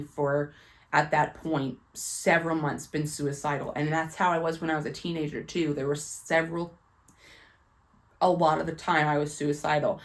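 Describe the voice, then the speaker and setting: A young woman sharing a personal faith testimony to camera in a chatty, candid way, full of "like" and "um," earnest and close to tears. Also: sits low. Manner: chatty and candid, heavy use of "like" and "um"; earnest and emotional, holding back tears. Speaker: faith and book vlogger.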